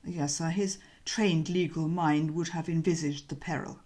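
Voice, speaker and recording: A woman voicing a deferential male valet, calm and formal, with a measured, soft delivery in an audiobook reading. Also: low voice, voice pushed down. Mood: unflappable.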